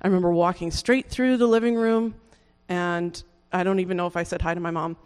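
A speaker telling a personal conversion testimony in a casual, earnest and halting way, with many restarts, fillers like "like", and soft laughs. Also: medium pitch, fairly even intonation, smooth, long reverb tail.

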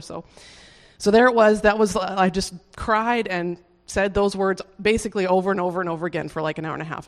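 A speaker telling a personal conversion testimony in a casual, earnest and halting way, with many restarts, fillers like "like", and soft laughs. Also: mid-range voice, long reverb tail.

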